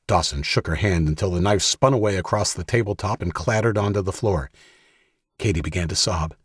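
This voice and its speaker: A man narrating an audiobook in a steady, measured storytelling voice. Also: low voice, husky, no echo, clean studio sound.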